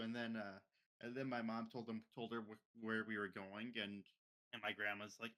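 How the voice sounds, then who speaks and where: A young man tells a spooky story on a casual podcast. His voice is bright and forward. He rambles, doubles back and repeats words as he goes. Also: on the low side, little pitch movement, moderate pace. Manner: rambling, repeats words and restarts, mimics others' speech. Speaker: podcast co-host.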